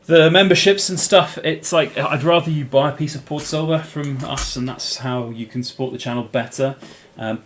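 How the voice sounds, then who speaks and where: A British man hosting a casual live-stream Q&A, answering viewers' chat questions in a rambling way with plenty of "um" and "uh". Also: mid-range voice. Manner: rambling, many fillers and restarts.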